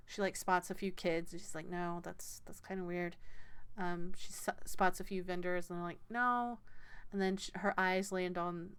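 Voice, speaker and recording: A woman's voice: fairly low pitch, little pitch movement, normal speed, few pauses, clear, resonant tone. A woman running a tabletop game as game master, narrating with hesitant fillers. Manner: hesitant, many fillers, laughs often.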